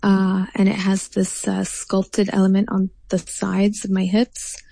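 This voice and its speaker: A woman artist answering interview questions in a thoughtful way, pausing often with fillers and restarts. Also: medium pitch, completely flat delivery, vocal fry, dark tone, dry recording.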